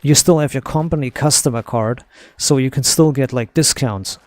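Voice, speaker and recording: A man's voice: mid-range voice, moderate pace, dry recording. A young man streaming a game, rambling through a story with casual swearing. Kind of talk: casual gaming chat.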